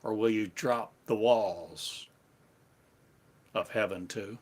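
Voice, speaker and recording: Slow, low-voiced man preaching. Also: a little mellow. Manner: halting, repetitive, incantatory phrasing. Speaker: spiritual teacher. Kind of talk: slow meditative sermon.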